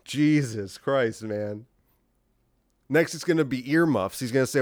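A man talking on his own podcast in a loose, rambling way, sarcastic and incredulous. His voice is smooth and clear at a middle pitch. It is recorded close up with a dry sound. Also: a little slow, pauses often, no room sound. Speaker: podcast host. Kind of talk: solo political commentary podcast.

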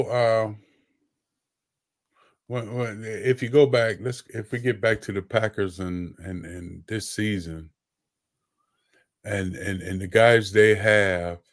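A man with a fairly low voice talks football in a loose, casual podcast chat. He stops and restarts often, repeating words as he works toward his point. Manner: halting, repeats words while gathering thoughts. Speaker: podcast host, former player.

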